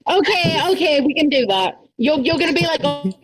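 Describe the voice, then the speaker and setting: A woman's voice: high-pitched, lively intonation, fairly quick, low-quality recording. A woman running a casual voice-chat role-play game, blunt and swearing freely.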